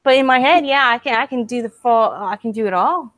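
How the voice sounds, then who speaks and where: A woman's voice: a little high, lively intonation, fairly quick, fairly bright tone, no echo. Chatty, sweary woman on a dry mic. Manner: chatty, sweary, laughs easily. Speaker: podcast co-host. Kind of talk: casual chat.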